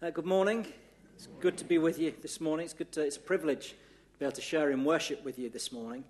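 A man's voice: fairly high pitch, fairly even intonation, quick pace, darkish tone. A man from northwest England near Liverpool, with a Merseyside accent, preaching a sermon as a church minister in an easy, conversational way. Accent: northwest English, Merseyside.

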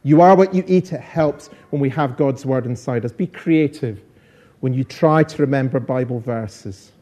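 Lively encouraging preacher, mellow voice. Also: male voice, medium pitch, moderate pace. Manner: lively, encouraging, repeats phrases for emphasis. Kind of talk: all-age church talk.

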